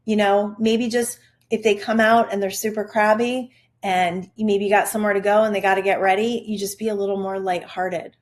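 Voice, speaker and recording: A woman's voice: mid-range voice, little pitch movement, moderate pace. A middle-aged woman hosting a parenting podcast, giving an upbeat, chatty motivational talk aimed straight at the listener. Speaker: podcast host, parenting coach. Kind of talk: casual motivational monologue.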